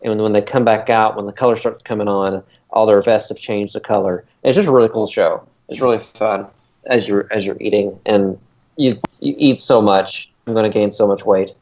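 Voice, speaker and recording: Brisk and fairly low-pitched, a man co-hosts a podcast, chatting casually and rambling excitably with many "uh" fillers. The audio sounds dull and lo-fi.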